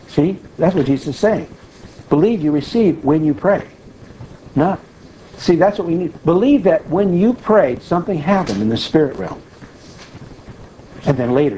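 A man's voice: on the high side, dark tone, slight background noise, low-quality recording. A man preaching a conversational sermon, often checking in with his listeners as he teaches.

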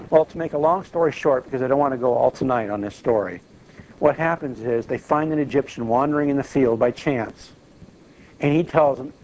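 A man's voice: mid-range voice, a little mellow, slight background noise, poor audio. An older man preaching a sermon, telling the story in a folksy, emphatic way.

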